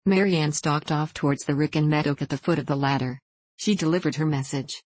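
A woman narrating a classic novel in a measured reading voice, voicing each character with small shifts. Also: low-pitched, a little mellow, no echo. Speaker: audiobook narrator.

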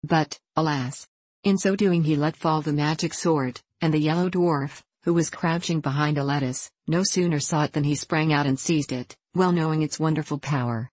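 Measured storybook narrator, dry sound. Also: medium pitch, a little mellow, no room sound. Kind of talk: storybook reading.

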